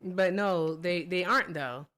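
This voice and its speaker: A woman's voice: fairly low pitch, unhurried, fairly bright tone. A woman hosting a live call-in debate show, explaining points directly to callers and viewers. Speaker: host.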